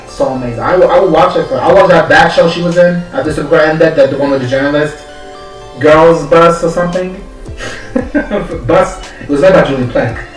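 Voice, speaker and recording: A man's voice: mid-range voice, echoey room, distant mic, rough recording. A man ranting casually in a vlog, sassy and profane, often acting out characters' lines. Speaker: vlogger. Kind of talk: casual rant.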